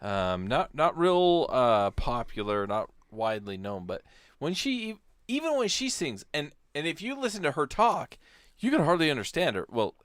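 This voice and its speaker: A man's voice: a little high, sing-song, normal speed, a bit bright, no room sound. An American man co-hosting a casual podcast, rambling in an easygoing way. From United States. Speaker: podcast co-host.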